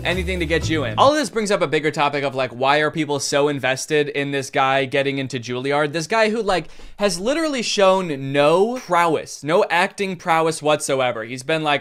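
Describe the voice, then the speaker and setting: A man's voice: a little high, animated, a little fast, few pauses, faint music behind. Sarcastic young man doing comedy commentary. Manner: sarcastic, jumps into loud mocking impressions. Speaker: commentary YouTuber.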